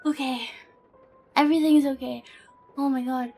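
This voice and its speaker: A woman's voice: high voice, steady tone, moderate pace, mellow, faint music behind. A woman streamer talking to her live chat, nervous and giggly, stammering and shaky, near tears.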